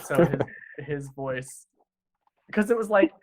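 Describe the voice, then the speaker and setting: A man's voice: a little high, animated, takes it slowly, a crowd in the background. A man chatting casually in an interview, talking enthusiastically in rambling sentences full of "like". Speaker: podcast director.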